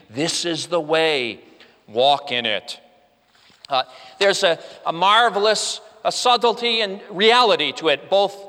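A man with a fairly high, sharp voice preaches earnestly to his congregation, his voice rising and falling. He often restarts with "uh," and the recording carries long hall reverb.

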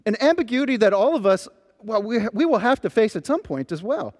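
Animated preacher in an echoey hall. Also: male voice, high voice, brisk. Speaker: pastor. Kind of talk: sermon.

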